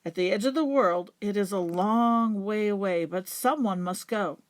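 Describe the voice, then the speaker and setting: A woman reading a folk tale aloud to children in a gentle, unhurried storybook manner. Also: medium pitch.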